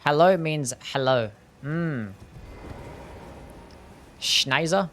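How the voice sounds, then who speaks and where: A man's voice: medium pitch, animated, moderate pace. Guy streaming a game, laid back chatter, answers chat, bit of game hum behind. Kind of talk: casual gameplay chat reading chat.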